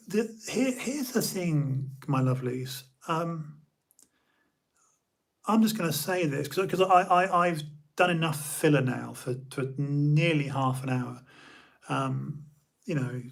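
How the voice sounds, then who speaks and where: A man streaming a rambling, self-deprecating solo monologue to his channel, halting and restarting often. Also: fairly high pitch, creaky. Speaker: YouTube streamer.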